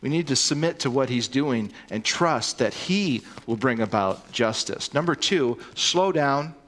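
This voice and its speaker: A man's voice: mid-range voice, expressive, a little slow, fairly bright tone. A man preaching a sermon, earnest and emphatic, often repeating words as he starts a sentence.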